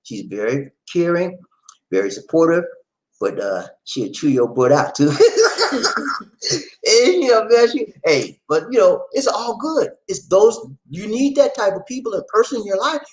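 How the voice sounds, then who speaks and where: A man from the United States hosting a live stream, talking loud and playful, often repeating himself. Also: sits high, lively intonation, moderate pace, poor audio. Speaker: host. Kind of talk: lively live-stream chat.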